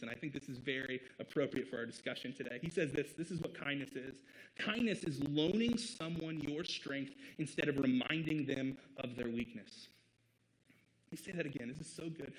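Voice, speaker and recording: A man's voice: fairly high pitch, rough recording. Earnest, conversational man preaching a sermon. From American Midwest. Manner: conversational and earnest, with emphatic rhetorical questions. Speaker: pastor.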